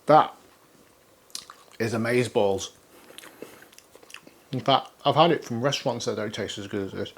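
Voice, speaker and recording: A man talks his way through a home cooking demo in a kitchen, chatty and upbeat. His voice is husky at a middling pitch, and he laughs easily. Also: normal speed, long pauses. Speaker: cooking show host. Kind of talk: casual cooking demonstration.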